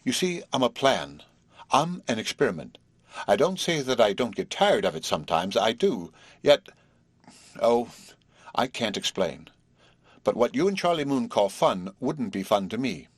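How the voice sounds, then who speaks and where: A man's voice: mid-range voice, big pitch swings, unhurried, dry recording. A man reading a prim, lecturing young prodigy. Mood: earnest. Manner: formal, lecturing, indignant. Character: earnest, prim young male intellectual prodigy.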